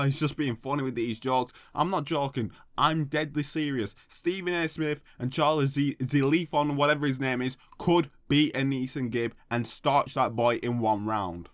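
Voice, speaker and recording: Man, sarcastic, mocking commentary, fairly high voice, dry recording. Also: fairly bright tone, no room sound. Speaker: YouTube commentator. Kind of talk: comedic commentary.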